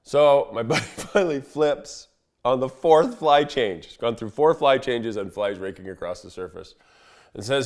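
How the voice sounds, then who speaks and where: Fishing guide, man, middle-pitched, easygoing storyteller who chuckles. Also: moderate pace. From Montana. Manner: laid-back, chuckles while telling a story. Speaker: fishing guide giving a fishing report. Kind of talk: casual storytelling.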